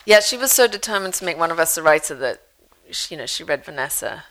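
Lively woman reading her memoir. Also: low-pitched, fast talker, rough recording. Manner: lively storyteller, dry humor. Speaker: author.

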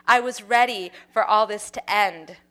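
A woman's voice: mid-range voice, a little slow, bright, forceful tone. Wry woman reading her own story. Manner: wry, dry humor. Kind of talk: reading a personal story aloud.

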